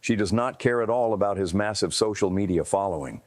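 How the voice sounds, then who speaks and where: Lowish male video narrator. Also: a little fast.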